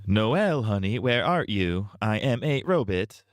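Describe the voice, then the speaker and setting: A man voicing a doting robotic father character in a game, with a flat, Siri-like robot delivery. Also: on the low side, a little slow, no echo, clean studio sound. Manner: stiff, monotone robot delivery.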